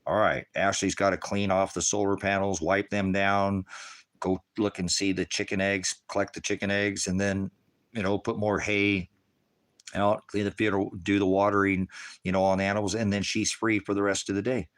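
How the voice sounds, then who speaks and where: A man hosting a ministry channel, ranting to his viewers from an off-grid homestead, heated and profane, bursting into shouts. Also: low voice, little pitch movement, normal speed. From United States.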